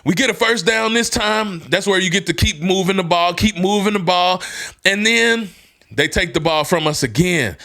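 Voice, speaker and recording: Animated, bright-voiced man telling a hyped story. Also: moderate pace, vocal fry. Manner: animated, swings from hyped shouts to low somber tones. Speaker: podcast host. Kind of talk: motivational storytelling.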